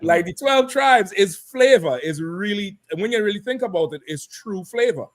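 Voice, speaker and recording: A man hosting a relaxed talk show, his voice sitting a little high for a man. He talks loosely, cursing as he goes, and breaks into laughter often. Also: normal speed. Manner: loose, laughing, swears freely. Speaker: host. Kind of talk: casual chat on a live show.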